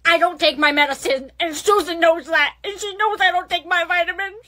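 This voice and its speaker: A woman's voice: very high-pitched, steady tone, a little fast, bright, forceful tone. A woman playing a cranky, stubborn elderly care-home resident who mutters, talks back and chants slang catchphrases. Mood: demanding. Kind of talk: comedic skit acting.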